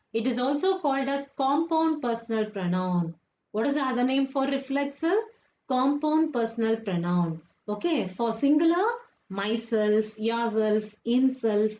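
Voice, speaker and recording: A woman's voice: on the high side, darkish tone. A woman teaching children a grammar lesson, often repeating points and asking if they understood. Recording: echoey room, dull lo-fi sound.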